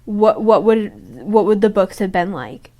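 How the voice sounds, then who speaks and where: A young woman co-hosting a podcast, retelling book scenes in a casual, animated way. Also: medium pitch, a little slow, a crowd in the background. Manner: reads book quotes aloud, animated retelling. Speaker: podcast co-host. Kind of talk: casual fan discussion.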